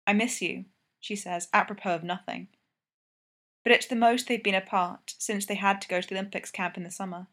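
A woman's voice: mid-range voice, fairly bright tone. Woman reading a story aloud. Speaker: fanfiction reader.

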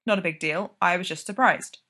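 A woman reading a story, voicing an excitable young man, a hockey player, who exclaims and gets easily rattled. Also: fairly low pitch, fairly quick. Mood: awkward.

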